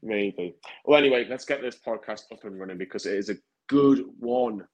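A man's voice: on the low side, moderate pace, a little mellow, rough recording. A man co-hosting a football podcast, teasing and enthusiastic in casual chat. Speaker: podcast co-host.

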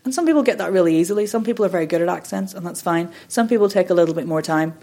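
A woman's voice: fairly low pitch, animated, rapid-fire, warm tone. A woman in her thirties, a voice and accent coach, talking in a chatty, rambling way with frequent restarts in a podcast interview. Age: 30s.

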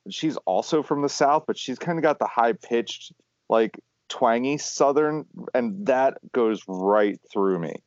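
A man co-hosting a podcast, telling stories in a rambling, animated casual chat. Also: mid-range voice, unhurried, no echo. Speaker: podcast co-host. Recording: dull lo-fi sound.

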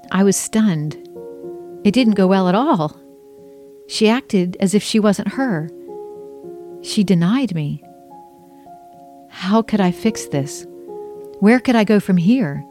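A woman's voice: lowish voice, measured pace, long pauses, mellow, faint music behind. A woman reading her own memoir aloud, telling her story in an earnest, emotional first-person way.

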